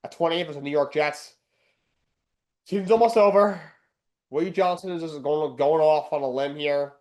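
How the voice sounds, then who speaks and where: Blunt ranting man, higher voice. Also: moderate pace, a little mellow. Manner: blunt, ranting, repeats himself. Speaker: sports podcast host. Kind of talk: opinionated solo sports talk.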